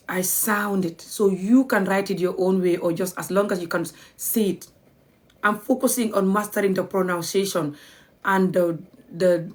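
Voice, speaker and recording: Chatty woman teaching on a livestream. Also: mid-range voice. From Gambia. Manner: chatty, spells words out letter by letter, laughs often. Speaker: language teacher. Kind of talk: live-streamed language lesson.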